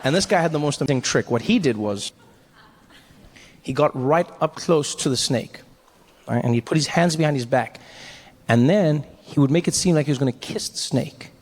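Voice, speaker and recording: A man in his forties telling a stand-up story, animated and self-mocking, acting out the scenes. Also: on the high side, normal speed. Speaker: stand-up comedian.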